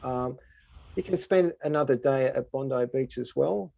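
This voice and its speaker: A man's voice: mid-range voice, normal speed, gravelly, no echo, highs cut off. An Australian man, a tour guide, answering questions in an easygoing, explanatory way. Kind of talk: casual Q&A answers.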